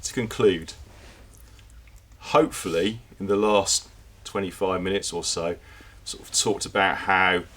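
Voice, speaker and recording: A man's voice: deep voice, fairly bright tone, a little hiss or hum. A man giving a conversational conference presentation to an audience, with fillers and repeated words. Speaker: conference speaker. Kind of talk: presentation talk.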